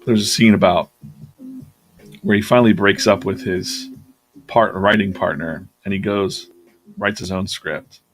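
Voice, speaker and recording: A man with a lowish voice chats casually while he draws on a live stream. He meanders through a story, full of "um"s and "like"s, correcting himself as he goes. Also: steady tone, measured pace, pauses often. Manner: rambling storytelling with many fillers and self-corrections. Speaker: artist hosting a live drawing stream. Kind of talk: casual chat while drawing.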